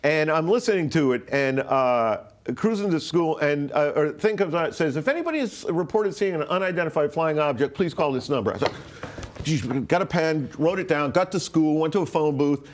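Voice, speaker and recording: A man's voice: on the high side, lively intonation, fairly quick. A man in his sixties from Rhode Island, telling a personal story as an interview guest in a rambling way, full of "like", restarts and swearing. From Rhode Island, USA. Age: 60s.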